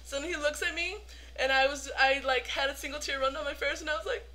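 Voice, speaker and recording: A young woman vlogging as a fan, telling a story in an excited, gushing way, full of "like" fillers. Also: high voice, quick pace, slight background noise.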